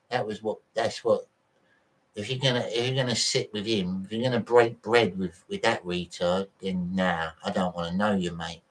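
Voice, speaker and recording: A man's voice: on the low side, low-quality recording. Profane man ranting on a livestream. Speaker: livestream host. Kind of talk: casual livestream chat reading viewer messages.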